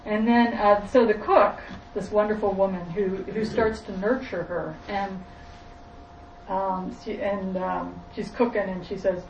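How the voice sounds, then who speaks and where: A woman's voice: mid-range voice, little pitch movement, normal speed, darkish tone, echoey room, far from the mic, lo-fi sound, a little hiss or hum. A woman retelling a film to a group in a rambling, self-correcting way. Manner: rambling, restarting.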